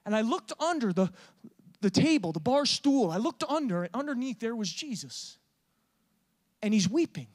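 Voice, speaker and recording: A man preaching a sermon with passion, swinging from loud urging to hushed, intimate talk. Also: very high-pitched, very animated, moderate pace.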